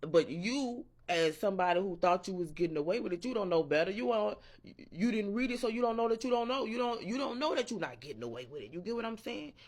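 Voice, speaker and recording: A man's voice: sits high, expressive, fast talker, few pauses. A man in a casual morning-rant vlog, rambling and profane and interrupting himself as he talks. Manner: quotes imagined people in a raised voice. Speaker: vlogger.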